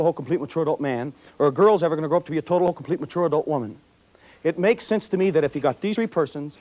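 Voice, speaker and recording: A man giving a folksy, emphatic talk to students at a school assembly, repeating phrases for effect. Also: high voice. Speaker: motivational speaker to students.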